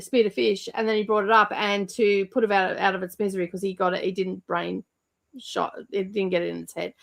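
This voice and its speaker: A woman hosts a relaxed livestream, chatting about whatever comes to mind. She rambles and fills pauses with "um" and "you know", in a voice of ordinary middle pitch. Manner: chatty, rambling, with frequent fillers. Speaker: livestream host. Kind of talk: casual chat while reading viewer comments.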